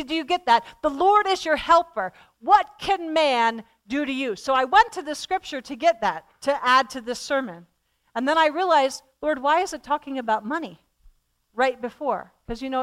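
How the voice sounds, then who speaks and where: Woman preacher, sermon, smooth clear voice, slightly high, impassioned swings from loud to hushed. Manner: impassioned, swinging from loud emphatic repetition to hushed near-whisper.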